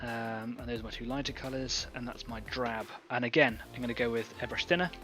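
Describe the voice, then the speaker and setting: Man, live-stream painting host, chatty, thinks aloud with fillers, mid-pitched, soft music underneath. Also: fairly even intonation, brisk. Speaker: online painting club host.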